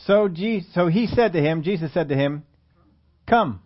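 A man's voice: high voice, normal speed. A man preaching a sermon in a conversational way, often asking his listeners questions. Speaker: pastor. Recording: muffled lo-fi recording.

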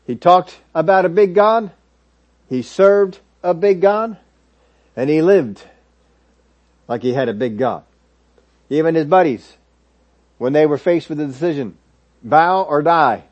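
A man's voice: a little high, measured pace, pauses often, darkish tone. A man preaching a sermon, retelling Bible stories and voicing the people in them. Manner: storytelling, acts out biblical figures' words. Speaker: pastor. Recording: dull lo-fi audio.

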